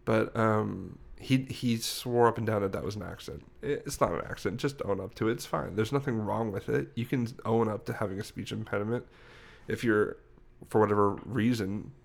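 During a laid-back podcast conversation, a young co-host wanders through an anecdote and keeps revising his own wording. His voice is fairly low and creaky, at a normal speed.

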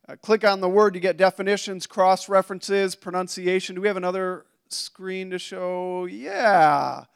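A man's voice: high voice, clear, resonant tone. A man preaching a conversational sermon to a congregation, with asides and restarts. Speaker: pastor.

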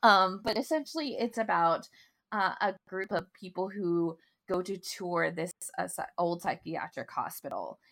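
A woman's voice: fairly low pitch, animated, measured pace, a bit bright. A woman in her thirties co-hosting a podcast, chatting casually in long run-on stories. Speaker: podcast co-host. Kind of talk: casual chat.

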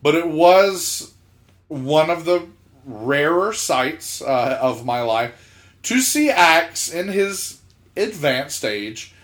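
A man's voice: fairly high pitch, expressive, very slow, a bit bright. Man telling a story on a podcast, laughs mid-sentence, acts out quotes, voice swings up and down. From South Georgia, US. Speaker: podcast co-host. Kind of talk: casual storytelling.

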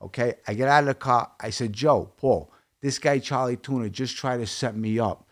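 A man's voice: mid-range voice, normal speed. A man from Brooklyn with a Brooklyn accent, speaking as a guest. He tells his story in a blunt, streetwise way, often quoting the dialogue. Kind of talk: casual interview storytelling.

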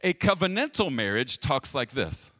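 A man's voice: sing-song, normal speed, dry recording. Pastor guy preaching, emphatic, big swings up and down, dry close sound. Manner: emphatic, swinging from loud stresses to hushed low lines; direct, plain-spoken address to viewers. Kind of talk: sermon.

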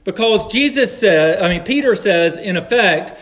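A man preaching a sermon, earnest and measured, leaning on emphatic pauses. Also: high-pitched, animated, fairly bright tone.

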